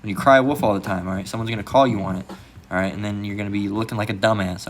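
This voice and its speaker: A man giving casual, rambling commentary as a channel host, filling every pause with "all right" and "you know" and mocking others in a raised voice. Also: on the low side, fairly even intonation, slight background noise. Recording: music playing behind the voice.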